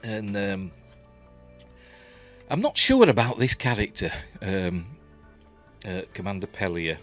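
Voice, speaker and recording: A man with a Yorkshire accent talks through a TV episode in a loose, chatty review, stopping often for ums and restarts. His voice sits very low but swings up and down with lively pitch, and faint music plays behind him. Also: slow pace. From Yorkshire, England. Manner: rambling, chatty, many fillers and restarts. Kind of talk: casual spoken review.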